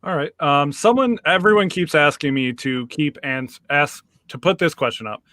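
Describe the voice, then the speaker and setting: A man hosting a podcast, halting and hesitant as he reads out listener questions in casual chat. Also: a little high, sharp tone, no room sound. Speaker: podcast host.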